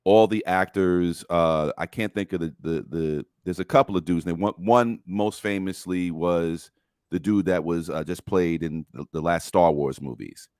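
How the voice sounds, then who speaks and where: A very deep-voiced man co-hosting a relaxed chat show. He rambles, hunts for words and laughs easily. The recording is dry and close. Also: moderate pace, clean tone, no room sound. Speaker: co-host. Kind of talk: casual chat.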